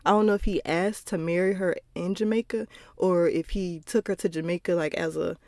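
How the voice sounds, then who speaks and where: A woman's voice: lowish voice, fairly even intonation, brisk, darkish tone, no echo. A young woman hosting her own podcast, telling personal stories in a rambling, profane, casual monologue with laughing asides, recorded at home. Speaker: podcast host.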